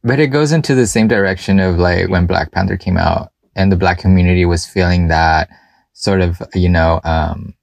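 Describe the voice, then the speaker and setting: A man's voice: low voice, normal speed, gravelly, no room sound. A man co-hosting a podcast in casual, profane chat, rambling with fillers and laughing often. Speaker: podcast co-host.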